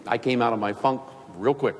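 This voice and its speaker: A man's voice: medium pitch, brisk, a little hiss or hum. An older man, a keynote speaker, telling folksy, humorous business anecdotes to an audience. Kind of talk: storytelling talk. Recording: reverberant hall, faint ambience.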